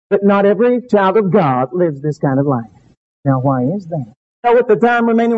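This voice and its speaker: Fervent high-pitched preacher, lo-fi. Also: male voice. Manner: fervent, emphatic, with dramatic pauses. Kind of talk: sermon. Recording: dull lo-fi recording.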